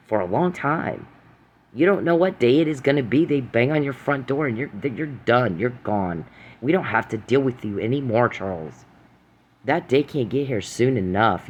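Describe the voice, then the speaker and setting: A man ranting to camera in an angry, rambling way, cursing, accusing, repeating himself and stumbling over restarts. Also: medium pitch. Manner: profane, accusing, repeats phrases, stammering restarts. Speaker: vlogger.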